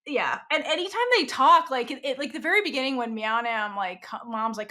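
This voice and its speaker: Bright, lively young woman chatting. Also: on the high side, normal speed, few pauses. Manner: animated, acts out quotes, frequent fillers. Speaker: podcast co-host. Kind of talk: casual chat.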